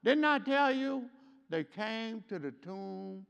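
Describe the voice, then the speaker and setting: Man, bright gravelly voice, church reverb, call-and-response preaching. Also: animated, slow pace, dull audio. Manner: call-and-response, repeats "hello" and "what?"; swings between loud emphatic and quiet low. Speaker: Sunday school teacher. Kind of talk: preaching Sunday school lesson.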